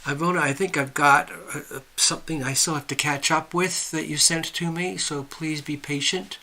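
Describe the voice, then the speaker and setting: Chatty guy on a home livestream, bright kinda high voice, greeting folks by name and rambling along. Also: fairly even intonation, moderate pace, creaky. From USA. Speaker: livestream host. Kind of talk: casual live chat reading viewer comments.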